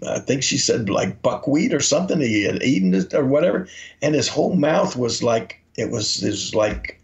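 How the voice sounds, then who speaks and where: Gravelly man telling rambling stories. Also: mid-range voice, lively intonation, normal speed. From Memphis, Tennessee. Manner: rambling anecdotes, acts out quotes. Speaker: podcast co-host. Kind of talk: casual storytelling. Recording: dull lo-fi audio.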